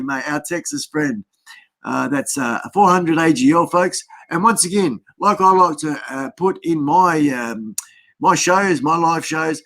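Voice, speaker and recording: An Australian man with a voice pitched a touch above the usual for men hosts a casual live stream. He rambles along, greeting viewers by name and laughing now and then. The sound comes off a built-in webcam mic. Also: fairly bright tone.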